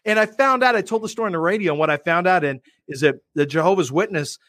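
A man hosting a podcast, telling a story in an animated, profane, self-mocking way. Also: high-pitched, quick pace, no room sound. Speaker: podcast and radio host. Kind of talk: casual chat, storytelling.

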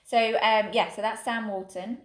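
A woman's voice: a little high, level tone, moderate pace. English female co-host, chatty casual podcast talk, roomy echo. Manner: chatty, frequent agreeing fillers. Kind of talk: casual chat.

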